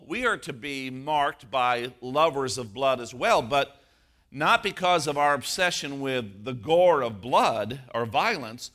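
A man preaching a sermon as pastor, moving from a personal story to emphatic, slowed stress on key words. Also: a little high, fairly bright tone.

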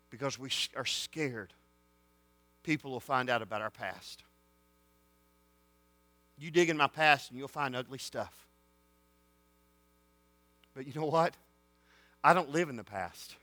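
A man preaching to students, rising to shouted excitement. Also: mid-range voice, unhurried, pauses often, dry recording. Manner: folksy, builds to shouted excitement. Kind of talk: sermon storytelling.

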